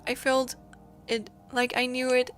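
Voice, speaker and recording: A woman voicing a grieving robot built to help others, speaking in halting, repetitive, formal statements. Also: sits high, monotone, fairly bright tone. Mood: anguished.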